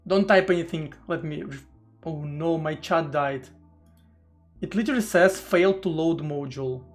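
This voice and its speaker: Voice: medium pitch, normal speed. A streamer chatting casually during a live coding session, rambling with stammered restarts and casual swearing, faint music behind.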